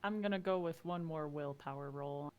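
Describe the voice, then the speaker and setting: A woman's voice: deep voice, moderate pace, highs cut off, slight background noise. A woman playing a tabletop role-playing game, casually asking hesitant questions about the rules. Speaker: player. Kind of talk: casual chat.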